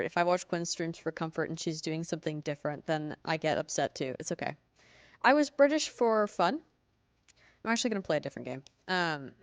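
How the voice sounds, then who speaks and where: A young woman streamer, soft-spoken, chatting casually and answering her chat. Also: fairly low pitch, clear, resonant tone, dry recording. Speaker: livestreamer.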